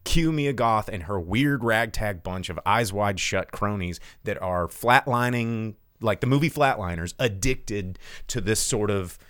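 A man's voice: lowish voice, a little slow, a bit bright, smooth, no room sound. A man hosting a live podcast, rambling and cursing casually through a movie plot recap from his home studio. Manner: rambling, profane, lots of fillers. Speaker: podcast host.

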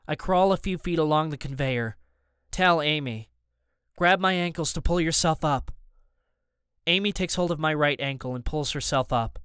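Smooth, tense male audiobook narrator. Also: a little high, fairly bright tone, no echo, clean studio sound. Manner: tense, urgent storytelling. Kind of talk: scripted first-person narration.

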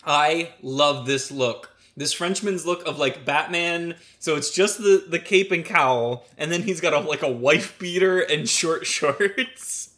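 A man's voice: on the high side, unhurried, hardly any pauses, sharp tone. A man co-hosting a podcast, chatting casually, laughing often and rambling with filler words. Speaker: podcast co-host.

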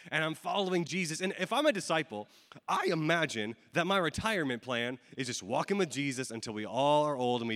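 A man's voice: fairly high pitch, a bit bright. A man preaching a sermon as a pastor, talking casually to a room with lots of fillers and repeated phrases. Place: church hall with audience. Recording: long hall reverb.

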